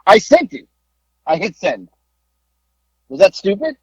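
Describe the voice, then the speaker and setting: A man co-hosting a podcast, telling a story in a casual, animated way and acting out the people he talked to on the phone. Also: sits high, a little slow, husky, no room sound. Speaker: podcast co-host. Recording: dull lo-fi dry sound.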